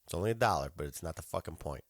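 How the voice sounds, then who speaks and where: A man's voice: a bass voice, lively intonation, very fast, dry recording. A man hosting a podcast, telling an annoyed story in a casual, profane rant and acting out both sides of his phone calls. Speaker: podcast host.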